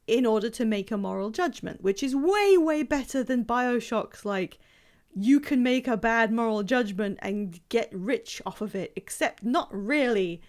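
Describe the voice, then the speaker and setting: Chatty, playful woman streamer. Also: a little high. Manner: chatty and playful, rambling with fillers and frequent laughs. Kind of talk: casual live-stream chat while gaming.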